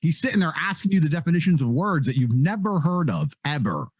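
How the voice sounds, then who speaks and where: A man talking reflectively as a podcast guest, halting and restarting, swearing casually now and then. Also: a little high, sing-song, husky, dry recording, dull audio.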